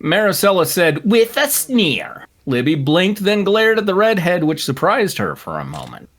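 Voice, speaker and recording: A playful man narrates fan fiction on a live stream, his pitch rising and falling widely. He laughs easily and breaks off for banter between lines. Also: huge pitch swings, normal speed, a bit bright. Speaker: narrator and host.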